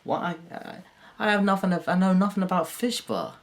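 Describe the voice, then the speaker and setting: A man doing a rambling, crude, self-mocking stand-up monologue to camera, jumping into silly high put-on voices. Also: big pitch swings, a little fast, a little hiss or hum. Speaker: comedian.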